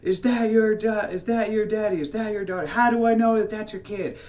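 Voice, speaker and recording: A man's voice: sits high, big pitch swings, moderate pace, a little mellow, pitched above the performer's own voice. A man putting on the voice of a nosy woman stranger who repeats accusing questions. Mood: shrill, accusing. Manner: insistent, accusing, repeats herself. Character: nosy, shrill woman stranger demanding answers.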